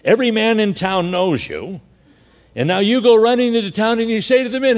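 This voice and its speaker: A man's voice: high voice, expressive, a little fast, big-room sound. A man preaching a sermon in a conversational storytelling way, chuckling now and then. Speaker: pastor.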